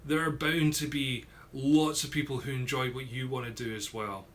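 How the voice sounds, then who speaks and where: A young Scottish man with an Ayrshire accent streams a Q&A on YouTube, chatting casually and reading viewer comments in a rambling, easygoing way. His mid-range voice is fairly even and moves at normal speed, with a little hiss or hum in the audio.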